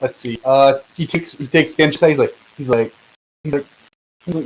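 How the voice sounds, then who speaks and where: A man's voice: a little high, moderate pace, slight background noise, rough recording. A man narrating a tabletop game as game master over voice chat, with lots of fillers and restarts. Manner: rambling, filler-heavy narration. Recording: online voice chat.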